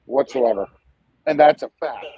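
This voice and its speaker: Husky emphatic man on dull audio. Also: medium pitch, a little slow, dark tone. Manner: emphatic, full of filler uhs. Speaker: livestream guest. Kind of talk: casual livestream chat.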